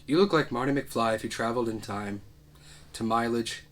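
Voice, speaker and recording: A man's voice: medium pitch, normal speed, natural voice. A man reading the lines of a mocking young man in a comedy script read. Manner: flat comic reading. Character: mocking young man who laughs at the killer.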